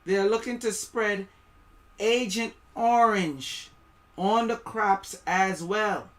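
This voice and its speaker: West indian guy on a live stream, slow preachy rambling, bright voice, trips over words. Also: high voice. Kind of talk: live-stream commentary, reading aloud.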